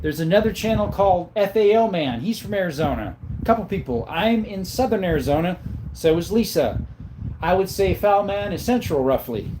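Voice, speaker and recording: A man with a fairly high-pitched voice hosts a laid-back livestream from home. He reads out viewer names and chats back, easygoing and unhurried. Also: expressive, noisy background. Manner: calls viewers brother. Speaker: livestream host answering viewer chat. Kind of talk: casual live chat. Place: home, in front of a counter.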